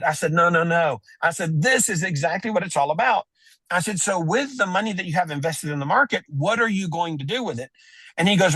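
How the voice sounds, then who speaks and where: Animated storytelling man, higher voice. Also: a little fast, no room sound. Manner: animated storyteller, acts out quoted dialogue. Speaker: wealth adviser, guest. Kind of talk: storytelling in a podcast interview.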